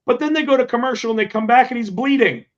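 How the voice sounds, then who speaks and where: Animated, swearing podcast host man. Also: extremely high pitch, fast talker. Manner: animated, swears, acts out quotes. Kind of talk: casual chat about pro wrestling. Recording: dull lo-fi sound.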